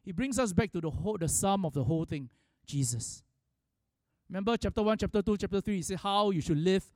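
High-voiced preacher, dry close sound. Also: male voice, animated, a little fast, a little mellow, no echo. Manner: storytelling preacher with frequent restarts, rising for emphasis. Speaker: pastor. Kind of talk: sermon.

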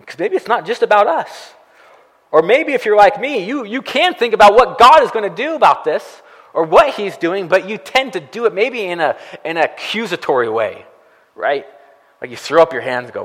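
A man's voice: high voice, very animated, moderate pace, a bit bright, breathy edge, in a large hall, poor audio. A man preaching a sermon as a pastor, talking conversationally and asking the listeners frequent rhetorical questions.

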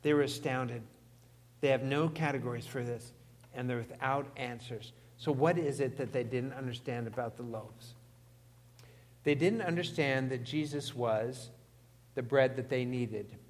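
A man's voice: medium pitch, unhurried, in a large hall. A man preaching a sermon, emphatic and putting questions to the congregation. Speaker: pastor.

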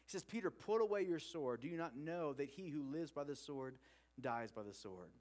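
A man's voice: fairly high pitch, animated, moderate pace, a little mellow. A man preaching a sermon, retelling a story with acted-out quotes in an earnest way.

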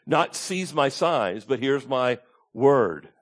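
A man's voice: medium pitch, animated, slow pace. A man preaching a sermon as pastor, emphatic, repeating his key points and asking the congregation to call out answers.

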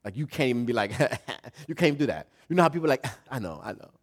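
An older man, a grandfather, preaching a sermon in a lively, conversational way that swings between soft, reflective moments and loud, emphatic stretches. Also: mid-range voice, quick pace. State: emotional and choked up at times. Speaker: pastor.

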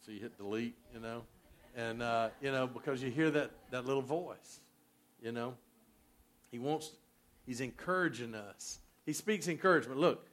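A man preaching a sermon as pastor, folksy, swinging from loud emphasis to soft near-whispers. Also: medium pitch.

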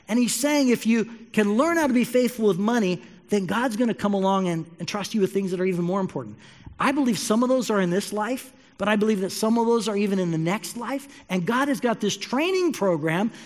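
A man preaching a sermon as a pastor, telling stories in an animated way and addressing his listeners directly. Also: high-pitched, in a large hall. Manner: animated storytelling, speaks to listeners as you.

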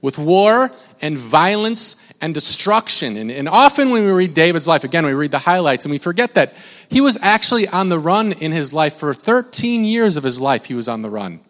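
A man with a high voice preaches a sermon, rambling conversationally and often restarting his sentences. His words ring out with a long reverb in a large church hall. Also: big pitch swings, moderate pace, a bit bright. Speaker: pastor. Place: church sanctuary.

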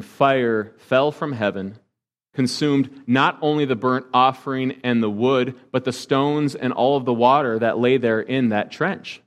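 A man preaching a sermon as pastor, conversational, with joking asides and questions to the congregation. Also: medium pitch.

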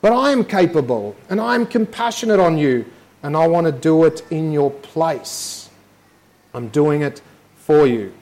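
A man preaching a sermon with a fairly high voice. He talks to the congregation in a conversational way and slips into quick imitations of his listeners' objections. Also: animated, a little mellow. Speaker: pastor.

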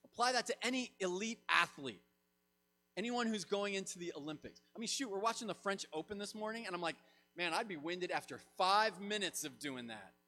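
Male pastor, fairly high and bright, animated sermon delivery, faint hum under the voice. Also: fairly quick. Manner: animated, swings between loud emphatic lines and soft low asides.

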